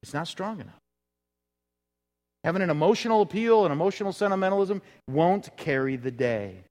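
A man's voice: sits high, expressive, brisk, a little mellow. Man preaching in a ringing hall. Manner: conversational preaching with acted quotes and rhetorical questions. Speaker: pastor. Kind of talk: sermon. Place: church sanctuary. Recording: reverberant church hall.

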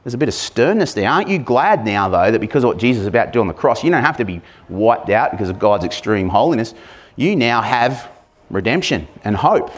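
A man preaching a sermon in a conversational way, asking his listeners questions and now and then acting out loud shouts. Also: medium pitch, big pitch swings, brisk. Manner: conversational, asks the congregation questions; acts out shouted lines with sudden loud bursts.

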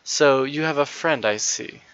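Kindly storybook workman, man reading, hearty and bright, dry lo-fi sound. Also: medium pitch, measured pace, clear, resonant tone, no echo, natural voice. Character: big kind working man with tools. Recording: dull, lo-fi dry recording.

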